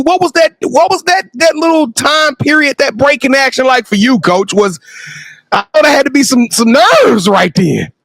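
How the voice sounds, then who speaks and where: A man hosting a sports talk show, chatting casually and excitably, shouting when worked up. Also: very high-pitched, gravelly, no echo, studio quality. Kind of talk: casual interview chat.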